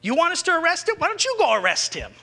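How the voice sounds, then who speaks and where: A man voicing exasperated temple officers who protest loudly in disbelief. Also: wildly swooping pitch, quick pace, vocal fry, long reverb tail, exaggerated voice. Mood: incredulous. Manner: high-pitched, loud, incredulous protests.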